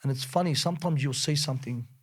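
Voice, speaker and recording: A man's voice: mid-range voice, fast. Earnest Australian father telling a story. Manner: earnest, gets more animated when retelling scenes. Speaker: guest. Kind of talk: heartfelt personal storytelling.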